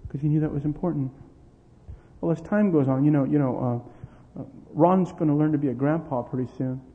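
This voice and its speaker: Speaking on the high side and somewhat quickly, a middle-aged male pastor mixes preaching with family anecdotes. He's an animated storyteller who performs the dialogue with bursts of energy and laughter, captured in tinny lo-fi sound with lengthy hall reverb.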